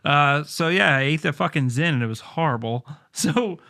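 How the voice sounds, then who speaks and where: A man's voice: a little high, expressive, moderate pace, gravelly, bright, forceful tone. A man co-hosting a podcast, telling laid-back stories with plenty of swearing and laughter. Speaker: podcast co-host. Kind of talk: casual chat.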